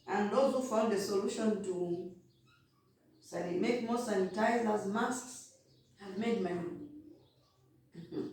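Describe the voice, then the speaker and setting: A woman's voice: medium pitch, slow pace, long pauses, darkish tone. A woman giving blunt, casual motivational talk about business, eating between points. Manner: direct, blunt, talks while eating. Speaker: vlogger. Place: indoor room, sitting on the floor. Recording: very echoey room, distant mic, faint noise.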